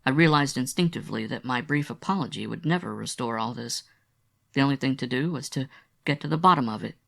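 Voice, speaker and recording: A man narrating a literary audiobook in a measured, confessional storytelling manner. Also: mid-range voice, vocal fry, fairly bright tone.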